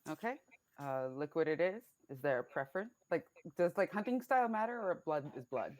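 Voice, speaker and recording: A woman's voice: low voice, animated, brisk, a little mellow. A woman playing a character in a tabletop game, thinking aloud with hesitant ums as she describes her moves. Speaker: player.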